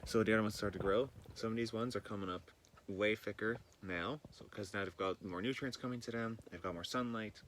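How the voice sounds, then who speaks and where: Casual male vlogger, deep-ish, loose and rambling, a little groggy. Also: fairly quick, a bit bright, slight background noise. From northern British Columbia, Canada. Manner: loose and rambling, frequent swearing. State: a bit groggy, just woken. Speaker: vlogger touring his greenhouse garden. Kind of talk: casual chat. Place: greenhouse. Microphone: handheld camera.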